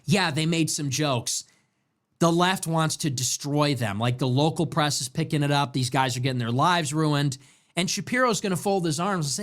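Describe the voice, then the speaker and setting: A man's voice: on the high side, normal speed, fairly bright tone. Heated, ranting livestream host, man. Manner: repeats himself with restarts when worked up. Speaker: show host. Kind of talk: late-night livestream political commentary.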